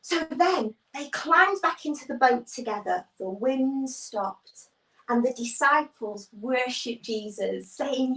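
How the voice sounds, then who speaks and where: Speaking slowly in a fairly high voice, a woman runs a children's church livestream from an echoey room, off-mic and distant. She tells a Bible story with animation, performing the characters' voices and welcoming viewers from the comments.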